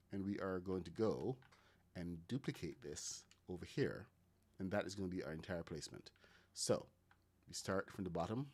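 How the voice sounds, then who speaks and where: A man with a Caribbean accent giving casual commentary, thinking aloud and talking to his chat while building in a game. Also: low-pitched. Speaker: gaming streamer.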